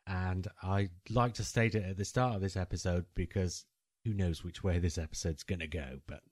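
A man's voice: low voice, fairly even intonation, normal speed, a little mellow, no echo, clean studio sound. A man from England hosting a casual podcast, reading a listener's email aloud and slipping into silly character voices.

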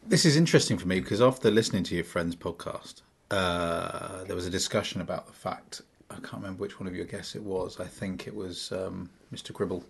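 A man's voice: sits low, brisk, gravelly, hardly any pauses, breathy edge. A man co-hosting a casual podcast chat, rambling and searching for his words. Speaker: podcast co-host.

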